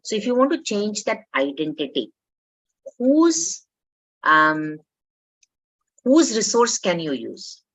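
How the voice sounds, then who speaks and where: A woman's voice: medium pitch, huge pitch swings, takes it slowly, pauses often. A woman with an Indian accent, giving a conversational motivational talk as a life coach, coaxing and mixing in Hindi. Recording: dull lo-fi audio.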